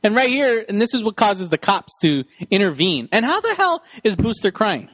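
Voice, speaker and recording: High-voiced man rambling on a podcast. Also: big pitch swings, normal speed, a bit bright, no room sound. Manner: rambling, acts out quotes in voices. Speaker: podcast co-host. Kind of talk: casual chat about a movie.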